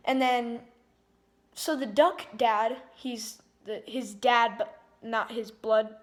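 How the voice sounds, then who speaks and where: A woman with a slightly high voice retells a movie plot in a loose, rambling way. She leans on "like" constantly and often backs up to fix what she just said. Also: steady tone, slow pace. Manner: rambling, heavy use of "like", frequent restarts. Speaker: movie reviewer.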